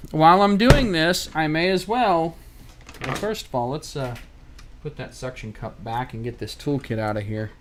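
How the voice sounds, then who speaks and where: An American tech repair streamer gives casual live commentary while taking apart a laptop, thinking aloud with wry, somewhat profane remarks. His voice is high-pitched and fairly bright, with a slight hiss or hum in the audio.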